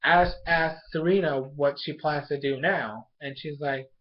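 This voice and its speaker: A young man with a slightly high voice rambles excitedly through an episode recap, full of ums, likes and false starts. The recording sounds dull and lo-fi. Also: unhurried. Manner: rambling and excitable, lots of fillers and restarts. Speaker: anime episode reviewer. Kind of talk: casual recap and review.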